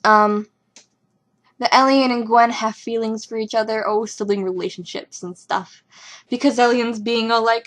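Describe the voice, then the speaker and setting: A young woman talking casually as a fan reviewing a TV episode, rambling and excitable with lots of ums and likes. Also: on the high side, a little fast. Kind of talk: casual fan reaction commentary.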